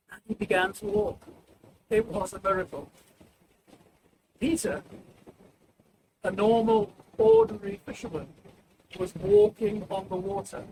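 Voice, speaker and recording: A man preaching a sermon in a high, lively voice that climbs and falls, acting out the people of the story. He takes his time, and his voice has a gravelly edge. The recording carries clear leftover noise from heavy filtering. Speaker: pastor. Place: church service, sound reduced. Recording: background noise, wind filtered out.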